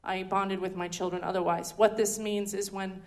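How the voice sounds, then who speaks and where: A woman's voice: medium pitch, flat delivery, normal speed, darkish tone. A woman giving a conversational teaching talk at a ministry school, chatty and full of ums and restarts. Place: indoor teaching hall.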